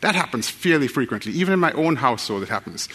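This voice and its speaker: Male preacher, casual and joking, average pitch. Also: sing-song, fast talker, a bit bright, slightly rough, in a large hall. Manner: folksy, joking, addresses the crowd directly. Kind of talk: sermon with fast scripture reading.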